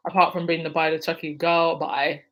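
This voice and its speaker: A woman's voice: low-pitched, flat delivery, moderate pace, a bit bright, poor audio. A woman hosting a casual live stream, reading out viewer comments and answering them by name, laughing often. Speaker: livestream host reading chat.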